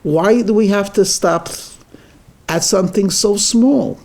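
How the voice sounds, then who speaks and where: A man doing a high-voiced scheming husband. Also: takes it slowly, darkish tone. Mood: insistent. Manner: insistent, grandly planning, bursts into anger. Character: ambitious scheming village husband, grown man.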